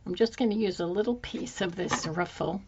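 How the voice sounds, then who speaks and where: A woman hosting a craft tutorial, musing softly to herself as she works, her voice a little hoarse. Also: lowish voice, moderate pace, dull audio, noisy background. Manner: soft-spoken, musing aloud while working. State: slightly hoarse, losing her voice. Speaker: craft channel host. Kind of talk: casual craft tutorial chat.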